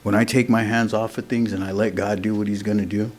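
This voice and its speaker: A man's voice: lowish voice, level tone, quick pace, a little mellow. A middle-aged man, speaking at a recovery meeting in a casual, earnest way, often adding "man" and "you know". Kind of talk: sharing a recovery story at a meeting.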